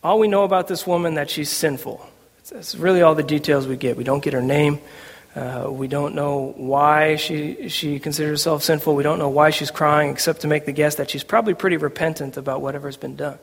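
A man's voice: on the high side, steady tone, brisk. A man preaching a sermon to a congregation, conversational and humorous. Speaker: pastor. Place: church sanctuary. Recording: long reverb of a church hall.

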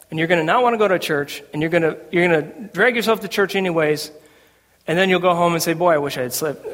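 Guy preaching, kinda high voice, jokey and casual, big echoey church hall. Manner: conversational preaching with humor and quoted voices. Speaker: pastor. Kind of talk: sermon. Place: church sanctuary. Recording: long reverb of a church hall.

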